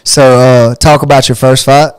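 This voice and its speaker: Animated man co-hosting a casual podcast. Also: mid-range voice, moderate pace, clean tone, no echo. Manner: animated, acts out quotes in a raised voice. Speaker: podcast co-host. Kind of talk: casual chat.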